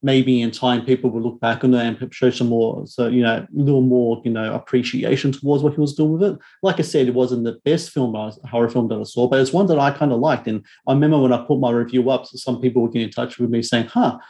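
A man's voice: medium pitch, steady tone, fast talker, few pauses, warm tone. A man co-hosting a casual chat about horror films, rambling with many ums and restarts. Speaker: podcast co-host, horror film reviewer.

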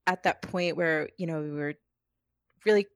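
A woman's voice: deep voice, normal speed, clear, resonant tone, dry recording, clean studio sound. A woman co-hosting a podcast remotely, talking earnestly in a rambling way full of fillers. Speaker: podcast co-host. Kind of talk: casual chat. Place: calling in from home remotely.

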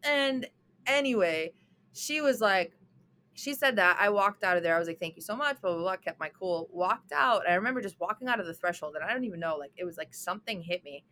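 Young woman, guest, animated storytelling, lots of filler likes, mid pitch. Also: slight background noise. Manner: animated, fast storytelling with many "like"s. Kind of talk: storytelling interview chat.

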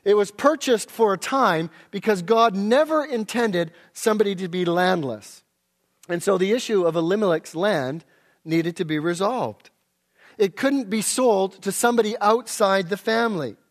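A man's voice: sits high, animated, moderate pace. A man preaching an expository sermon, explaining scripture and reading passages aloud. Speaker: pastor.

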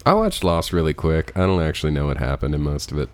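A man's voice: very deep voice, sing-song, quick pace. A man co-hosting a podcast who talks in dry, teasing casual chat.

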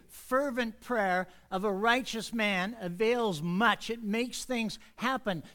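A man preaching an earnest sermon in church, speeding up when he gets excited. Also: high-pitched. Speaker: pastor.

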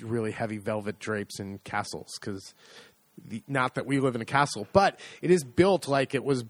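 A man's voice: mid-range voice, moderate pace, no echo. A middle-aged American man chatting casually as co-host, rambling and self-deprecating, with many restarts. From United States. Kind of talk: casual chat.

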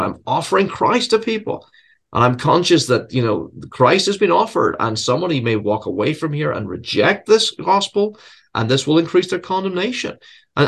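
With a mid-range, slightly bright voice, a man who teaches at a seminary and preaches reflects earnestly in an interview, joking at his own expense. Words get repeated as he gropes for how to say things.

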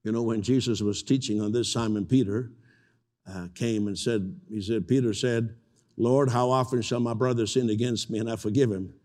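An older man preaching a sermon as pastor, telling stories with animated acted-out voices. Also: medium pitch, moderate pace, long reverb tail. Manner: animated storytelling, acts out voices.

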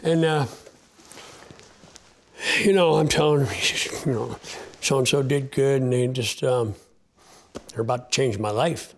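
A man's voice: medium pitch, fairly even intonation, measured pace, long pauses. A man, a sled dog racer, telling a heartfelt story in an interview in a folksy, plain-spoken way, with many fillers and restarts. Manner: choked up and close to tears at times.

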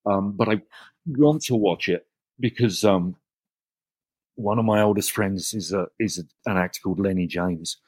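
A man talking easily as a podcast guest, his low voice a little husky and breathy. He tells stories with lively energy and often restarts mid-sentence. The sound is dry and close, with no room echo. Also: normal speed. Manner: animated anecdotes with frequent restarts. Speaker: guest actor. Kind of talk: casual interview chat.

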